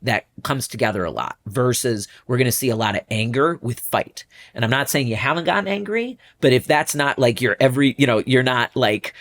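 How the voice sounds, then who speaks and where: A man's voice: medium pitch, expressive, a little fast, few pauses, a bit bright. A man hosting a podcast as a coach, explaining patterns step by step and often checking in with "right?". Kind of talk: coaching conversation.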